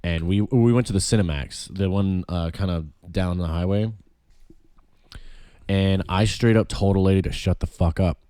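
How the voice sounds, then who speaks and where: A man's voice: low-pitched, moderate pace, mellow, clean tone, no echo. A young man, swearing freely and telling blunt stories in a casual podcast chat. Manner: profane, blunt storyteller. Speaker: podcast co-host.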